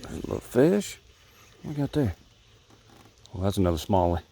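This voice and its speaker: Guy fishing a creek, gravelly mellow voice, sweet-talks the fish, crickets buzzing faint. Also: lowish voice, sing-song, normal speed, a little hiss or hum. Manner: chats softly to the fish he catches. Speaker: fishing vlogger. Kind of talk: casual narration while fishing. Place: small creek outdoors, in a boat. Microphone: action camera. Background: crickets and insects.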